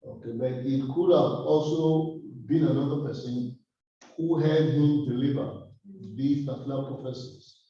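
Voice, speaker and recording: A man leading a Bible study, explaining slowly and hesitantly with many fillers and restarts. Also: mid-range voice, dark tone. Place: church room. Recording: distant echoey muffled room recording.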